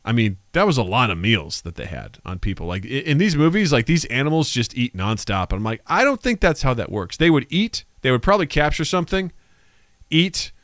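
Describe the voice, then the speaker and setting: A man's voice: medium pitch, brisk, no room sound. Podcast guy rambling thru a story, lots of "like", voice bouncing up and down, dry close mic. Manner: animated storyteller, full of "like" and retold dialogue. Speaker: podcast co-host. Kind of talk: casual podcast chat.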